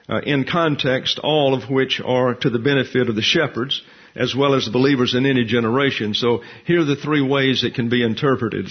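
A man teaching a detailed Bible lesson in a measured, deliberate way, slowing down when he reads scripture aloud. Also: medium pitch, breathy edge. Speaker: pastor. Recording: dull lo-fi recording.

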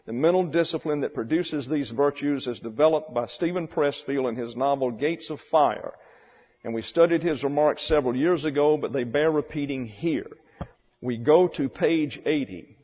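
A man teaching a Bible class, deliberately spelling out and pronouncing terms for his students. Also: on the high side, husky. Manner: deliberate, spells out words slowly. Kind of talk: classroom lecture. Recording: dull lo-fi sound in a reverberant hall.

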